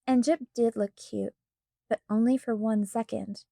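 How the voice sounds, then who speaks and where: Woman reading a storybook, high voice. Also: normal speed, gravelly, dark tone, no room sound, clean studio sound. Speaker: audiobook narrator. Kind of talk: storybook narration.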